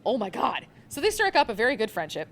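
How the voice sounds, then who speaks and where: A woman's voice: fairly high pitch, very animated, fast, gravelly, a little hiss or hum. A young woman recommending manga on a live convention panel, gushing and rambling with lots of fillers.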